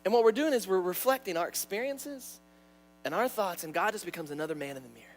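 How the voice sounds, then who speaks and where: Young male pastor, high-pitched, animated sermon delivery, stumbles on repeated words. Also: quick pace. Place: church sanctuary.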